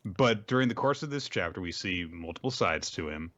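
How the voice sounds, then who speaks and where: A man's voice: deep voice, animated, brisk, fairly bright tone, highs cut off. A man co-hosting a casual podcast, giving wry, reflective comments with dry jokes. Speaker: podcast co-host. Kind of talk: casual chat.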